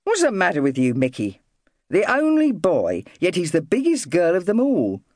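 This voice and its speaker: A woman's voice: on the low side, huge pitch swings, normal speed, darkish tone, dry recording, clean studio sound. Woman doing a tetchy, grumpy dad. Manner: disgusted, scolding.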